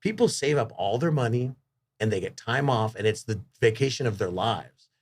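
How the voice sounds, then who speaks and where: A man's voice: fairly low pitch, expressive, normal speed, breathy edge. A man as a podcast guest, telling rambling, enthusiastic stories in casual chat, swearing freely. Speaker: podcast guest, rock singer.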